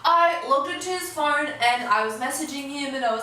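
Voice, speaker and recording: A woman in her twenties telling a storytime vlog in casual chat, animated and fast, dropping low and jumping high. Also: a little hiss or hum. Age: 20s. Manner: animated, fast-talking, swings from low mutters to high outbursts. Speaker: vlogger. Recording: echoey room, voice a bit far from the mic.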